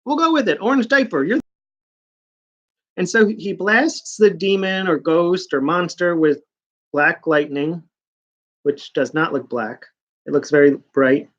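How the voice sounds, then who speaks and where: A man's voice: on the high side, expressive, unhurried, pauses often, dull audio. A man giving a casual, sarcastic comic book review, rambling with mocking asides.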